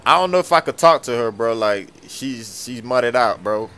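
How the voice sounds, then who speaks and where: A man playing a nervous dad in a game role-play skit who stammers and yells in panic. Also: medium pitch, lively intonation, moderate pace.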